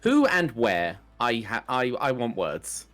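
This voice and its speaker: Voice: medium pitch, wildly swooping pitch, slow pace, fairly bright tone, soft background music. A playful player at a tabletop game who narrates their character's actions between laughs. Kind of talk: tabletop role-play.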